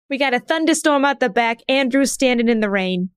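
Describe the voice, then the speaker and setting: High-voiced woman in dry podcast chat. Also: clear, resonant tone, no room sound. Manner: frank, swears freely, laughs easily. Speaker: podcast co-host.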